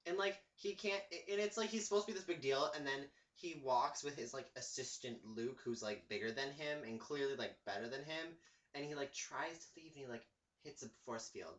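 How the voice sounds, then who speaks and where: A man co-hosts a casual recap, chiming in with short quips and quick quoted lines. His voice rings with a noticeable room echo. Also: medium pitch, a bit bright. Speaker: co-host recapping a TV episode. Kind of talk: casual chat.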